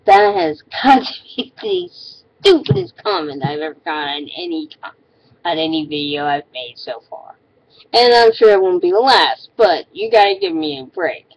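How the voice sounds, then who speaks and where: A woman's voice: mid-range voice, sing-song, unhurried, gravelly, lo-fi sound. A woman ranting in a casual vlog, exasperated and sarcastic, often stopping and restarting her sentences. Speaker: vlogger.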